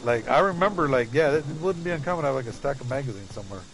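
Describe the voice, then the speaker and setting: A man's voice: medium pitch, animated, racing, crowd noise, low-quality recording. A middle-aged man chatting casually over his gameplay, laughing often and talking to his chat and teammates. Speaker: gaming streamer.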